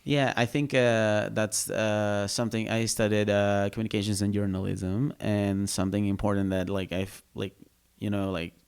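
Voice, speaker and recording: Low-voiced, halting comedian guest. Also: male voice, little pitch movement, creaky, darkish tone, smooth. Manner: halting, searches for words, many restarts; laughs easily between points. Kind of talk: casual podcast conversation.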